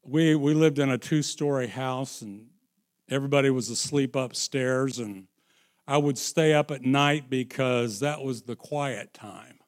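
A man preaching a sermon, slow and emphatic, dropping into hushed storytelling and rising again for emphasis. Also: medium pitch. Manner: slow, emphatic, swings into sung and shouted phrases.

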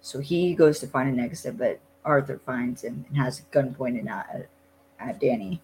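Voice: medium pitch, normal speed, darkish tone, slight background noise, rough recording. A podcast host casually recapping a TV episode, loose and rambling with lots of "like" and some blunt swearing.

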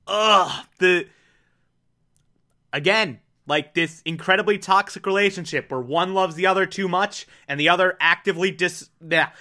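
A man's voice: high-pitched, sharp tone. A man casually recapping an anime, rambling with laughs and acting out the characters' lines.

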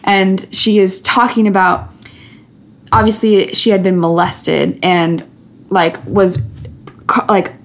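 A woman's voice: medium pitch, little pitch movement, slow, long pauses. A woman, a podcast guest, talking candidly and earnestly, telling personal stories with many restarts and fillers.

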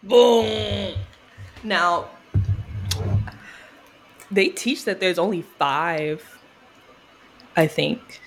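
A woman's voice: lowish voice, extremely slow, long pauses, a bit bright, a little hiss or hum. A woman co-hosting a podcast in casual chat, playful and teasing, jumping between topics. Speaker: podcast co-host.

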